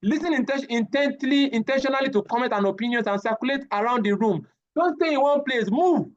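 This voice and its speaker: High-voiced man teaching a class. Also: fairly quick, highs cut off. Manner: animated, repeats words, addresses class directly. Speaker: safety trainer. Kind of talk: live training lecture.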